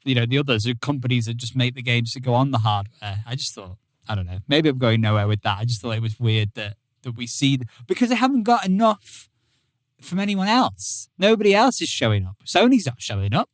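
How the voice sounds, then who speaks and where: A man co-hosting a casual gaming podcast, chatty and quick to restart his sentences. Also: mid-range voice, lively intonation, no echo, studio quality. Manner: chatty, restarts and repeats words. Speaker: podcast co-host. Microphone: podcast microphone.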